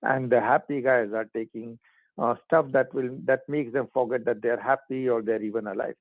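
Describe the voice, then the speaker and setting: A man's voice: medium pitch, steady tone, normal speed, no echo. Man teaching over a tinny line. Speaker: spiritual teacher. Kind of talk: spiritual talk. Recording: dry phone-like line.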